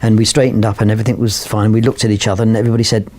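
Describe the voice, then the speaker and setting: A man's voice: fairly low pitch, level tone, very fast, a little mellow. An older man from London, a photographer telling a long anecdote with rambling fillers and restarts. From London, England. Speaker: photographer guest. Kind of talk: anecdotal storytelling.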